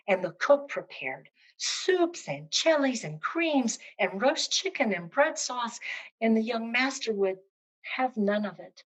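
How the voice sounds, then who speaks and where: A woman telling a folk tale aloud with expressive, rhythmic repetition. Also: a little high, a little slow, poor audio. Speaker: storyteller. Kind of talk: oral storytelling of a folk tale.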